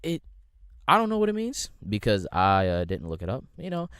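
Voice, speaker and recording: A man's voice: lowish voice, wildly swooping pitch, normal speed, a bit bright, clear, resonant tone, no echo, studio quality. A young man from the United States hosting a podcast, ranting in a casual, rambling, slangy way with lots of swearing. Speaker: podcast host. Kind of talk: casual solo rant.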